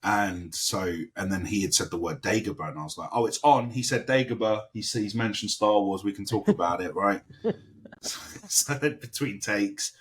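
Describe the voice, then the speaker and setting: A man from London, an actor guest, telling a casual anecdote with animated storytelling and lively quoted impressions. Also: lowish voice, normal speed.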